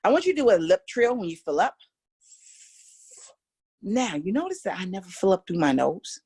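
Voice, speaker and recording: A middle-aged woman with an American accent teaching a casual voice lesson, animated and coaxing, chatting straight to her students. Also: medium pitch, normal speed, breathy edge. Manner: animated, coaxing, demonstrates exercises aloud. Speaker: vocal coach.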